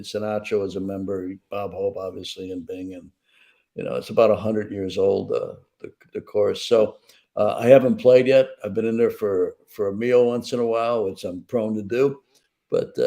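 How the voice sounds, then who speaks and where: Gravelly older man chatting easily. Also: on the low side, dark tone. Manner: easygoing and conversational. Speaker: co-host. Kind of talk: casual chat.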